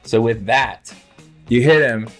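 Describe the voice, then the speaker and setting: A man narrating a tabletop game as game master in a casual, halting way, swearing freely. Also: mid-range voice, music in the background.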